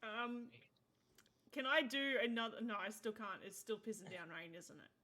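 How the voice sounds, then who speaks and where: A woman's voice: a little high, animated, pushed and bright. A woman with an Australian accent playing a tabletop game in casual chat. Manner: unhurried, laughs often. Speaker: player.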